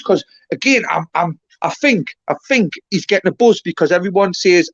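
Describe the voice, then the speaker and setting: Sweary Geordie man, high voice. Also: expressive, a little fast, hardly any pauses, no room sound. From North East England. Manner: rambling, swearing, blunt and self-mocking. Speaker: guest on a live stream. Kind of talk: casual banter on a group live stream. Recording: dry, dull lo-fi stream audio.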